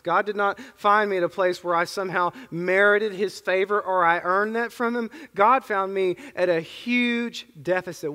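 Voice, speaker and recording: Earnest high-voiced male pastor preaching. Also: pushed and bright. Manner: earnest, conversational preaching with asides. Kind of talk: sermon. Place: church sanctuary. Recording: long church reverb.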